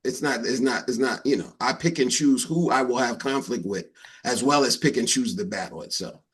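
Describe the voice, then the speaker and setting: A man's voice: mid-range voice, normal speed, a bit bright, husky. Blunt man on a discussion panel. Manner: blunt, explains with acted-out examples. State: married.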